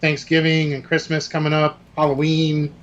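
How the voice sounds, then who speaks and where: Male co-host, relaxed, slightly higher voice, casual chat. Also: normal speed, dull audio. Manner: laid-back, reads sponsor plug loosely. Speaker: podcast co-host.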